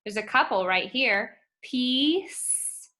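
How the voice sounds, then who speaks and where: A woman teaching a phonics lesson to first graders, speaking slowly and clearly and stretching out letter sounds. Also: on the high side, animated, sharp tone. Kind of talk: phonics lesson for young children.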